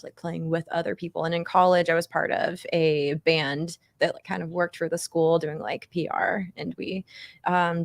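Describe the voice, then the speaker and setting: A woman's voice: on the low side, gravelly, no room sound. A woman in her twenties, a singer-songwriter being interviewed, chatting casually with lots of "like" and "you know". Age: 20s. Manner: relaxed, fillers like "like" and "you know", laughs easily.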